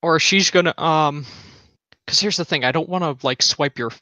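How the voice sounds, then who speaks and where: Bright-voiced man playing a tabletop game. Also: fairly high pitch, normal speed, no room sound. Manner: casual, hesitant, speaks for the character. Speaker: player.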